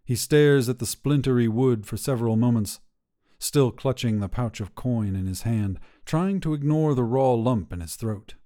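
A man narrating a short fiction podcast in a steady, scripted storytelling manner. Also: medium pitch, normal speed.

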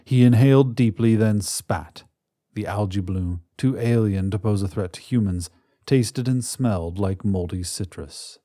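A man narrating a science fiction story in a measured, dramatic manner. His voice is low and mellow, recorded close and dry with no room around it. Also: no room sound. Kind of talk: scripted narration.

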